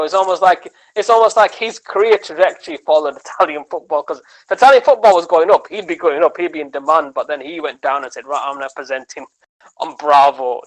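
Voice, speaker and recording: A man, a comedian guesting on a podcast, telling animated, rambling stories in casual chat and tagging his lines with "man" and "right?". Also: a little high, low-quality recording. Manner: animated storytelling, rambling with many restarts.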